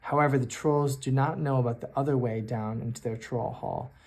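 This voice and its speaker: Man, mid-pitched, running a solo tabletop game; halting, thinks aloud. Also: fairly even intonation, darkish tone. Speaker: solo game master and player. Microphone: self-recorded on camera.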